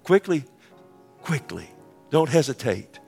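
A middle-aged man preaching a sermon with an altar call, swinging between booming quoted scripture and hushed, whispered pleading. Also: sing-song, slow, gravelly. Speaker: pastor. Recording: faint music underneath.

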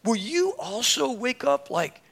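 Animated high-voiced preacher in his fifties. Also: a little slow, creaky, husky. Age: 50s. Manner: animated, acts out both sides of dialogue, laughs at himself. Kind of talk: storytelling sermon.

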